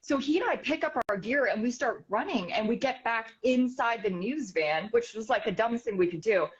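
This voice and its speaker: Animated woman telling a story, muffled sound. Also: a little high. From United States. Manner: animated, quick retelling full of "like" fillers. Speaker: news reporter and author, interview guest. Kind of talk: casual storytelling in an interview. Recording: slightly dull, muffled sound.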